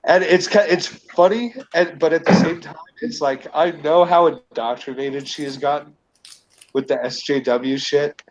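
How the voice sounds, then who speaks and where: A man with a slightly high voice chats on a casual stream while getting over a cold, and he talks in a loose, rambling way. His home mic sounds dull and lo-fi, with a faint hiss under it. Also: steady tone, measured pace. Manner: rambling and candid, swearing freely. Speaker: co-host. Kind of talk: casual chat.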